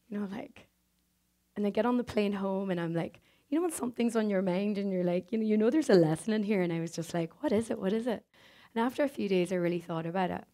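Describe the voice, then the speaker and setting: A woman's voice: medium pitch, vocal fry, mellow. An Irish woman giving a motivational stage talk, telling a personal story and acting out the dialogue, with frequent tag questions to the audience. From Ireland. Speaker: speaker.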